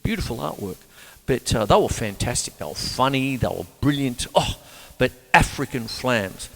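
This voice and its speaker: An older Australian man gives a casual drum lesson, rambling and joking between demonstrations. His mid-range voice is creaky, expressive and fairly bright, moving at a moderate pace. The room echoes around the drum kit.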